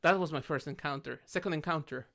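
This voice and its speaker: A podcast co-host from Mexico, speaking with a Mexican accent, talks quickly in a gravelly, rather high voice. Chatting casually over drinks, he tells animated stories and acts out the people he quotes.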